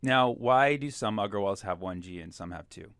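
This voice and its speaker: A man's voice: fairly low pitch, lively intonation, moderate pace, a bit bright, no room sound. A man hosting a comedy podcast, laughing often and asking his guest probing questions. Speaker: podcast host. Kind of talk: casual podcast banter.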